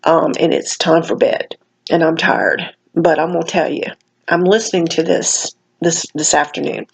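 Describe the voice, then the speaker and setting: A tired woman vlogger rants casually while commenting on another channel, a little slurred, folksy and emphatic, full of "honey" and "baby." Her low voice is steady, gravelly and breathy, at normal speed, over poor audio.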